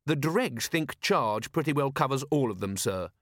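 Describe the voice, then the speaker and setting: A man's voice: medium pitch, lively intonation, normal speed, fairly bright tone, no room sound, clean studio sound, voice pushed up, close to an everyday voice. A man voicing an earnest, polite young male watch captain for an audiobook, eager and respectful, always adding "sir". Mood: dutiful. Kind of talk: audiobook character voice.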